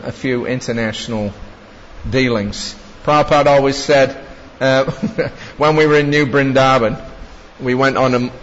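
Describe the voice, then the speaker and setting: A man with a mid-range voice tells travel anecdotes from his past, wandering through asides and chuckling as he goes. The recording sounds dull and lo-fi. A long reverb trails his words, with a faint hiss underneath. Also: mid-range voice. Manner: chuckles often, rambling asides. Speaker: disciple recounting travels. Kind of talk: anecdotal storytelling.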